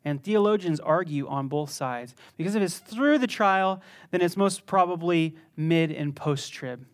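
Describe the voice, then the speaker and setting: High-voiced, animated male preacher. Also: a little slow. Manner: conversational, animated preaching with sudden bursts of intensity. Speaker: pastor. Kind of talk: sermon.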